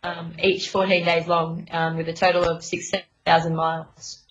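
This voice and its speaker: A woman's voice: lowish voice, little pitch movement, normal speed. A young adult woman sailor, interviewed in a casual radio chat, talking hesitantly with many fillers and restarts. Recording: dull lo-fi line.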